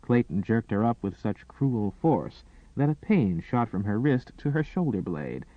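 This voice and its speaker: Man, audiobook narrator, expressive and dramatic, lively pitch, dry tinny recording. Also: unhurried, no echo. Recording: dry, tinny phone-like sound.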